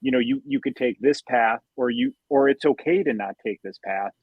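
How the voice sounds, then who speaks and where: A man's voice: mid-range voice, big pitch swings, normal speed, creaky, husky, dry recording, narrow, tinny audio. A man co-hosting a live fan talk show, speculating thoughtfully and restarting his sentences often. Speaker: co-host.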